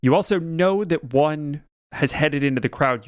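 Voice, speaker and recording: A man running a tabletop game as game master, narrating the scene in a calm, measured way. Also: mid-range voice, no echo, studio quality.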